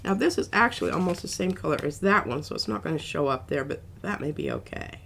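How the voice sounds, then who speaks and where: Low-voiced joking woman art host. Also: lively intonation, fast, gravelly, fairly bright tone, a little hiss or hum. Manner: joking, self-deprecating banter. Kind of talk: casual chat while crafting and reading chat. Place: home art studio.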